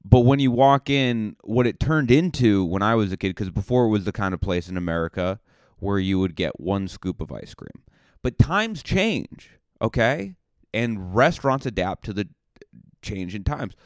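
A man's voice: on the low side, normal speed, no echo, studio quality. A young man from Massachusetts, a road comic hosting his own podcast, rambling through a jokey, self-mocking monologue. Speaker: comedian and podcast host. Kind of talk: solo comedic podcast monologue.

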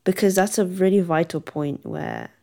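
A woman's voice: lowish voice, moderate pace, gravelly, mellow. A young woman vlogger talking casually and at length to her viewers, rambling and laughing often as she reassures herself and them. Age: young adult. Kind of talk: casual chat to camera.

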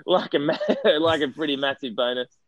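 A man's voice: a little high, normal speed, dry recording, poor audio. An Australian man, a former footballer and now coaching director, chatting as an interview guest and telling long stories with many fillers and restarts. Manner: rambling, self-deprecating storyteller with many restarts and fillers. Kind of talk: casual interview chat.

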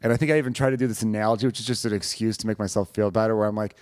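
Young guy rambling thru his stories fast, pokes fun at himself, dry close sound. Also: on the low side, steady tone, darkish tone, dry recording. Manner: rambling, self-mocking storyteller. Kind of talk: casual chat.

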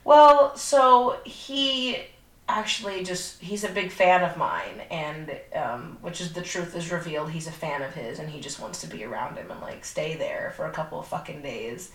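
A woman's voice: low-pitched, normal speed. Young woman rambling thru a movie plot, swears a lot, roomy echo. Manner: profane, animated storytelling with lots of fillers. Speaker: podcast co-host. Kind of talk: casual chat, retelling a movie plot. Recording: echoey room.

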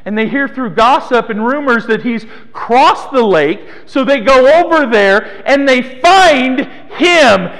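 A man's voice: very high voice, animated, slow pace, hardly any pauses, fairly bright tone. A man preaching a sermon as pastor of a small church, playful and teasing members of the congregation by name. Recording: long hall reverb.

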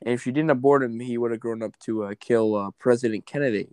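A man's voice: mid-range voice, fast, darkish tone, clean tone, dry recording. A man who acts on stage, chatting casually and teasing bluntly with a dry tone. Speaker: stage actor and podcast guest. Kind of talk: casual chat.

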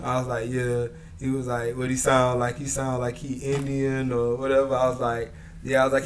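A man co-hosting a podcast, telling stories in casual chat, animated and laughing. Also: medium pitch, background noise. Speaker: podcast co-host.

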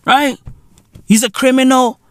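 A man hosting a podcast, ranting in a loud, profane, mocking way. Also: very high-pitched, steady tone, a little slow, no echo, clean studio sound. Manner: loud, profane, mocking, often breaks into shouts and laughs. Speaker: podcast host. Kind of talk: comedic podcast rant.

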